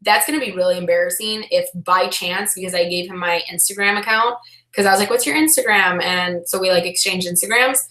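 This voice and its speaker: A young woman chatting loudly and animatedly on a casual live stream, talking about her life as an online reseller. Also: medium pitch, brisk. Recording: echoey room.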